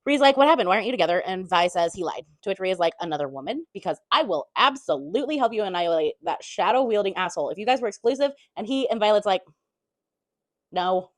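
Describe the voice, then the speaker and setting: A woman's voice: medium pitch, no echo. A woman giving a casual chapter-by-chapter book recap, chatty, throwing in blunt swearing asides and half-acting the characters' lines.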